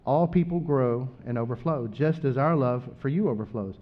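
A man preaching a sermon, rising loud on scripture and dropping quiet for asides. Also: mid-range voice, moderate pace, lo-fi sound.

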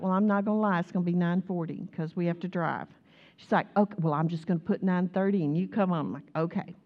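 Animated, laughing woman preacher. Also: mid-range voice, lo-fi sound. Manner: animated storytelling, laughing, exclaiming. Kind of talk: sermon.

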